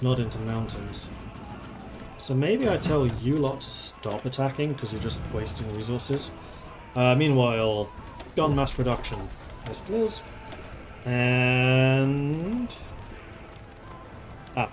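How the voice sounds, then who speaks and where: A man's voice: medium pitch, slight background noise. Man chatting through a strategy game. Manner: thinking aloud, chatty and playful. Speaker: game streamer. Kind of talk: casual gameplay commentary.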